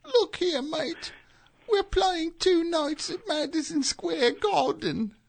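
Brief: man putting on a pint-sized squeaky Cockney band manager, bossy and clipped, voice shot way up high. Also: expressive, slow pace, creaky, full character voice. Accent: put-on Cockney. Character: tiny squeaky English rock manager, male.

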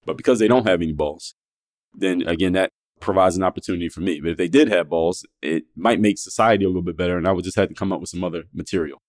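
Brash, fast-talking low-voiced man. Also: darkish tone. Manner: brash, profane, rhetorical questions. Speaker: podcast host. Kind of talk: blunt motivational monologue.

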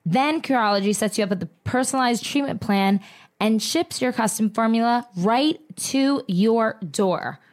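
A woman's voice: on the high side, moderate pace. A woman co-hosting a podcast, rambling bluntly and swearing freely in casual chat. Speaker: podcast co-host.

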